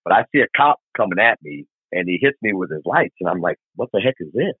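Speaking fast in a low-pitched, slightly rough voice, this Arkansas man in middle age tells a long, rambling motorcycle story as a podcast guest. He animates the retelling by voicing the people in it through quoted dialogue. The sound is phone-quality, with no room sound.

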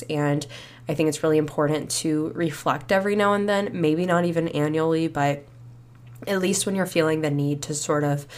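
Young female podcast host, deep-toned, casual and reflective, slightly congested. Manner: chatty, reflective, many fillers like "you know" and "like". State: slightly stuffy after a cold, a bit out of breath. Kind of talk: casual solo podcast talk.

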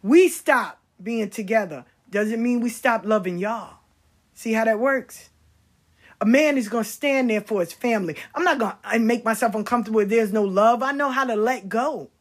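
A middle-aged woman telling stories about her life in a casual, blunt and animated way, swearing freely. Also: fairly high pitch, normal speed. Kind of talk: casual storytelling.

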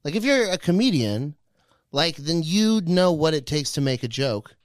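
Man, fairly high voice, very lively pitch, chatty co-host, dry sound. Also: no echo. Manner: quick to laugh, chatty reactions. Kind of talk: casual podcast chat.

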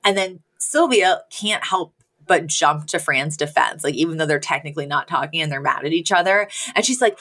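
A woman's voice: low-pitched, a little fast. Chatty woman recapping with lots of laughs. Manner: animated, laughs often, many fillers. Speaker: podcast co-host recapping a sitcom. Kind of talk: casual chat.

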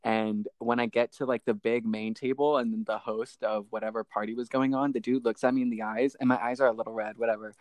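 A young man in casual podcast chat, telling an animated story and swearing freely. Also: mid-range voice, a little fast, few pauses, no room sound.

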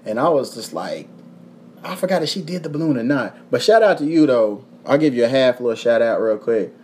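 A man's voice: mid-range voice, a little fast. A young man from Kentucky with a Kentucky accent, hosting a podcast and telling a rowdy story in casual chat, full of cursing and acted-out quotes. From Kentucky, USA. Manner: profane, animated storytelling with voiced quotes. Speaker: podcast host.

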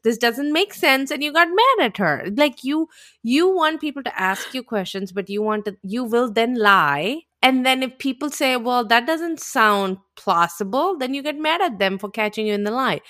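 A woman co-hosting a relaxed podcast. Her voice sits a bit higher than most. She talks emphatically, recapping scenes and laughing along with her co-host. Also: moderate pace. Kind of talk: casual chat.

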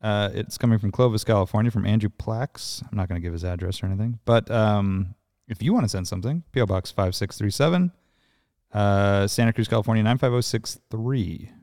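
A man's voice: lowish voice, a little fast, a little mellow, no echo. Joking male podcast host, dry studio sound. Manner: laid-back, laughs often, joking. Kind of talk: casual chat. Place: studio at a motor club.

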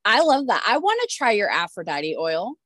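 Lively, expressive woman podcast host. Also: medium pitch, normal speed, dry recording, clean studio sound. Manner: reacts with blunt, swearing interjections and questions. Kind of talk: casual chat.

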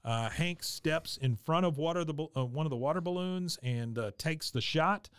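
A man's voice: a little high, normal speed, fairly bright tone, clear, resonant tone, no room sound. A man hosting a podcast, casually recapping a cartoon episode in a rambling way, with lots of fillers and goofy voices for the quotes. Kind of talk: casual chat.

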